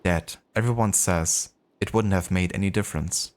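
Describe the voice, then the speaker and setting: Determined young woman painter, German accent, read straight by a low-voiced man. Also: moderate pace, a little hiss or hum, natural voice. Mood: earnest. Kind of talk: reading game dialogue aloud.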